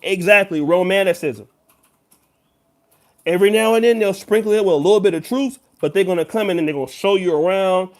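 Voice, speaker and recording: A man with a raised, high-pitched speaking voice delivers a YouTube commentary. He talks straight to his viewers in an emphatic, lecturing way, leaning on each point. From United States. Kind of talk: direct-to-camera commentary.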